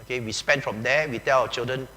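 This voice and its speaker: A man's voice: medium pitch, steady tone, fast talker, sharp tone. A man with a Malaysian English accent preaching a chatty, joking sermon as a pastor, often saying "okay" and "lah". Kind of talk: conversational sermon. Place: large church hall. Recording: echoey hall with faint hum.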